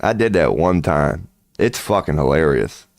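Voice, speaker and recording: Male host, very deep voice, crude and cocky rambling monologue, close dry mic. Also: lively intonation, a little slow, gravelly, dry recording. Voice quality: crude, swaggering, profanity-laced talk. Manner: laughs often mid-sentence. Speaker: channel host.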